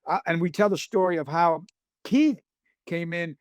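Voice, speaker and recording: A man with a notably high voice tells a story on a podcast, stumbling through false starts and slipping into the voices of the people in it. The sound is dry and close, with no room around it. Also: moderate pace, no room sound. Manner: rambling, restarts, acts out quotes. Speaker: series creator guest.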